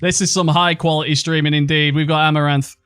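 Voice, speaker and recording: A man's voice: on the high side, level tone, fast talker, fairly bright tone, clean tone, no echo, studio quality. Sarcastic joking male streamer. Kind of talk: casual stream chat.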